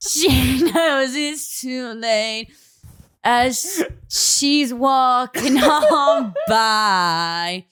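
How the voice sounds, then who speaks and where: A woman doing a mock impression of a swaggering male rock frontman, singing in a slow, drawn-out, mocking croon. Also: sits high, animated, fairly bright tone, smooth, pitched above the performer's own voice, exaggerated voice.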